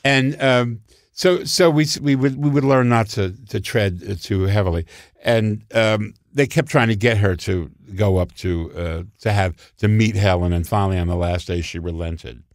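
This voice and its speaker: A man telling show-business stories in casual conversation, animated and theatrical, acting out quotes. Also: on the low side, moderate pace, no room sound, studio quality. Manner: animated, theatrical storyteller who acts out quotes. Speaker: guest storyteller.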